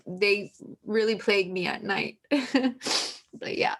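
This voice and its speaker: A woman's voice: mid-range voice, takes it slowly, pauses often. A woman author speaking candidly as an interview guest, emotional and searching, often restarting her sentences.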